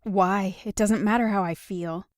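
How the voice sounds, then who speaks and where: A woman's voice: medium pitch, steady tone, a little slow, darkish tone, no room sound, studio quality, natural voice. A woman voicing an upset young woman who is defensive and sarcastic in an audiobook. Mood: angry. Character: upset young woman, guarded and sharp-tongued. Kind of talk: audiobook dialogue reading.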